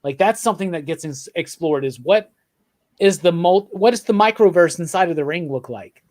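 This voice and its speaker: A man's voice: fairly high pitch, expressive, moderate pace, darkish tone. A man co-hosting a podcast, chatting about comics with enthusiasm, rambling and restarting, often checking in with "right?". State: drinking beer while talking. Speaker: podcast co-host. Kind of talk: casual comics chat.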